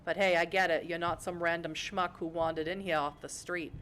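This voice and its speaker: A woman voicing a smug, gruff male vampire detective with a raspy tough-guy drawl, reading a narrative game aloud on stream. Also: lowish voice, fairly even intonation, brisk, a bit bright, a little hiss or hum, close to an everyday voice. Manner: tough-guy drawl with a put-on Boston accent.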